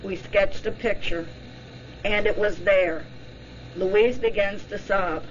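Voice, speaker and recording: A woman narrating a documentary in an even, plain reading style. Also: medium pitch, slow pace, muffled recording, slight background noise.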